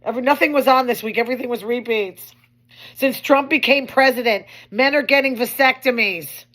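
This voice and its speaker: A woman's voice: on the high side, fairly quick, sharp tone. A woman hosting her own show, talking in a chatty, wry way with complaining asides. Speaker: host. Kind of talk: casual monologue commentary.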